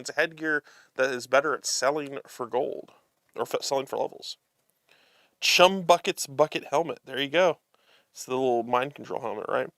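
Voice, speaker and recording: A man's voice: medium pitch, a bit bright, no echo, studio quality. A man hosting a live show, chatting casually as he unboxes a card game and reads the cards aloud, amused and chuckling often.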